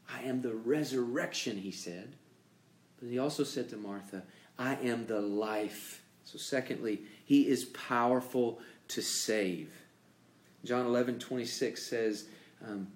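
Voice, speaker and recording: Male pastor, measured sermon delivery, dramatic pauses, reverberant room. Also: medium pitch. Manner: emphatic preaching with dramatic pauses and rising questions.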